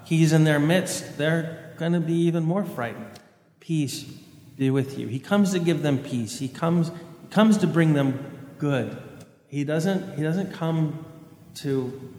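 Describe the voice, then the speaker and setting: A man's voice: on the high side, a little mellow. A man preaching a sermon as a priest, earnest and thinking aloud, often restarting his phrases. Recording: echoey church with long reverb.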